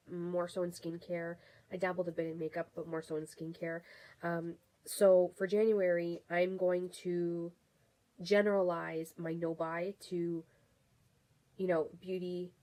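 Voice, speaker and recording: A woman's voice: on the low side, darkish tone, rough recording. A young adult woman beauty vlogger chatting casually to camera, rambling with restarts and fillers. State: has the hiccups.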